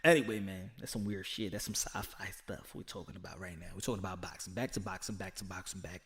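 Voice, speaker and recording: A man giving casual, animated boxing commentary in slangy speech, repeating words as he gets worked up. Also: low-pitched, quick pace.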